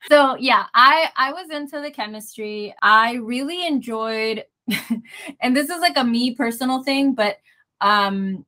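A woman talks through a book she enjoyed in loose, casual chat. Her voice is bright and forceful and sits a little high, and her words run together with frequent fillers. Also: unhurried. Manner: chatty, frequent "like" fillers, laughs often. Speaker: book club member.

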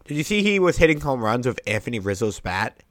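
A young man co-hosting a podcast, talking baseball in a casual, animated way, with big jumps in pitch and loudness for emphasis. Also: quick pace, no echo, studio quality. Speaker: podcast co-host. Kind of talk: casual sports chat.

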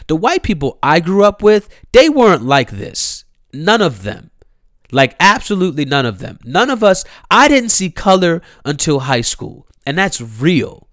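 A man's voice: on the high side, very animated, normal speed, a bit bright, no echo, clean studio sound. A young man from Maryland, hosting his own show, ranting in a casual, slangy, profane way and repeating his phrases. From Columbia, Maryland. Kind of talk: casual solo rant.

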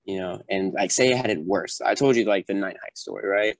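A young podcast guest who was once a recruit tells a casual story a little fast in a low voice. He acts out the quotes with plenty of animation, and the recording is dry.

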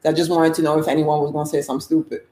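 A young Italian basketball player speaks in a low, racing voice during a casual interview. She tells her stories bluntly and animatedly, acting out quoted exchanges, in an echoey room with faint background noise.

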